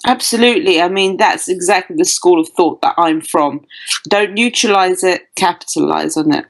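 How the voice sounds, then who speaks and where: A woman's voice: fairly low pitch, normal speed. A woman from the UK with a British accent, a guest dating coach talking confidently in a podcast interview over a remote call. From United Kingdom. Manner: confident, punchy phrasing.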